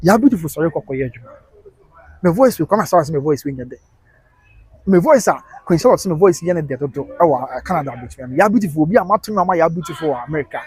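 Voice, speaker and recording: The recording has no room sound: a fast, expressive man with a slightly high, darkish, slightly rough voice and a Ghanaian accent runs a live stream. Chatty and quick to laugh, he switches between English and Twi, reads out viewer comments, and sings snippets now and then.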